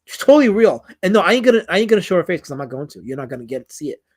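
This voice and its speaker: A man's voice: on the high side, very animated, racing. A man streaming live as a comic creator, reading out chat comments in a rambling way that is full of stuttered repeats.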